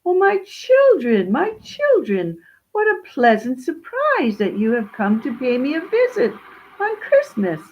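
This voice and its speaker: Brief: a woman doing a grateful old storybook widow, high and slow, lo-fi sound. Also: huge pitch swings, darkish tone, full character voice. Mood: delighted. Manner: fond and gushing. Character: poor kindly old widow, warm and grateful.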